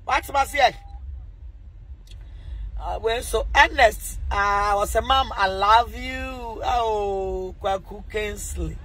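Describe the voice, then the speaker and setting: A woman with a Ghanaian accent hosting a casual livestream, animated and teasing, pleading with viewers and swinging between laughter and mock crying. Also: on the high side, takes it slowly. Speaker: livestream host asking viewers for money.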